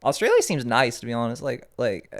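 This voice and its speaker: A man's voice: mid-range voice, wildly swooping pitch, brisk. A young man co-hosting a podcast in loose casual chat, swearing freely and laughing often. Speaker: podcast co-host.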